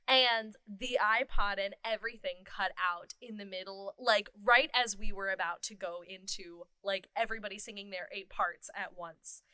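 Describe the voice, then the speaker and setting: A woman co-hosting a casual chat about theater, an animated storyteller who laughs often. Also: mid-range voice, moderate pace, hardly any pauses, clean tone, dry recording.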